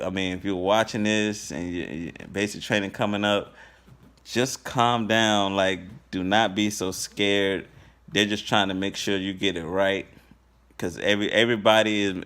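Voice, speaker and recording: A man's voice: on the low side, fairly bright tone. A young man telling a story to camera in a laid-back, slangy way, full of fillers. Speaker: vlogger.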